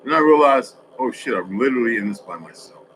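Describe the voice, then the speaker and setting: A man's voice: mid-range voice, animated, fast, a bit bright, a little hiss or hum, rough recording. A man in a casual, rambling monologue for social media, telling streetwise stories with lots of cursing. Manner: profane, rambling, streetwise storytelling.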